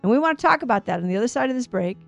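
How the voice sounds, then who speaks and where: A woman hosting a radio Bible show, teaching on scripture in an earnest, emphatic way with quick restarts. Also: a little high, expressive, gravelly, faint music behind.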